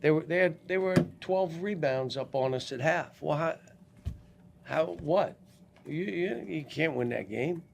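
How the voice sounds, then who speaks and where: A man's voice: a little high, creaky, slight background noise. An older man coaching basketball, answering press questions bluntly with many restarts, at a post-game press conference. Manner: blunt, halting, frequent restarts.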